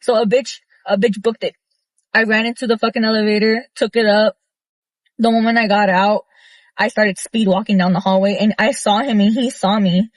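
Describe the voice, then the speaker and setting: A woman's voice: medium pitch, normal speed, dry recording. A young woman telling a story in a casual, blunt rant, swearing freely and filling her talk with "like". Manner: blunt, profane, animated retelling with many fillers. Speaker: vlogger.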